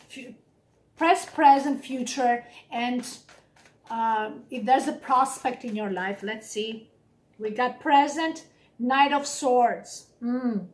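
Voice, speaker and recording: A woman giving a casual, blunt and encouraging tarot reading straight to the viewer. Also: a little high. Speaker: tarot reader. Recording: echoey room.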